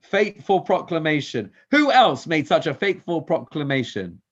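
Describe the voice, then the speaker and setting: Leading a synagogue Torah study class, a man whose high-leaning voice swings widely in pitch speaks at normal speed, quizzing the group and blending Hebrew verses into English. The recording sounds dull and lo-fi.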